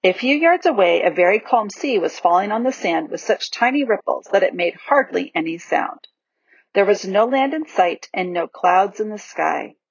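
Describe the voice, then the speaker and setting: A woman reading a children's novel aloud in a lively, expressive storybook narration, in a dull, dry recording. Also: medium pitch, normal speed, vocal fry, breathy edge, dry recording. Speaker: audiobook reader.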